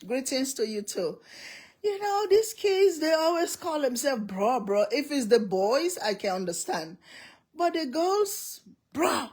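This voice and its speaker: Speaking from home at a measured pace, this middle-aged woman hosts a relaxed livestream, calling out viewers' names individually and laughing frequently. Her voice is high and a little mellow, with lively intonation and a breathy edge.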